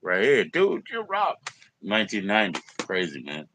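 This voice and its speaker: Against background noise, a man chats on his live stream at a moderate pace, his low voice swinging hugely in pitch. He rambles, swears, talks to viewers, fights technical problems, and coughs now and then.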